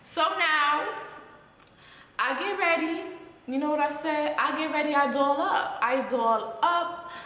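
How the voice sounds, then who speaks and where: A young woman with a Jamaican accent telling a storytime vlog at home in a sassy, animated way. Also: high-pitched, takes it slowly. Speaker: vlogger. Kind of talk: casual storytime. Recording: very echoey room, long reverb.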